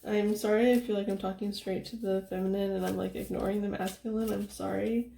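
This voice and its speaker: A young woman giving a casual tarot reading, soft-spoken and chatty, laughing often and filling her talk with "like". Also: mid-range voice, flat delivery, fairly quick, gravelly, reverberant, slight background noise. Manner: giggly, chatty, soft-spoken, with frequent fillers. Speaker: tarot reader.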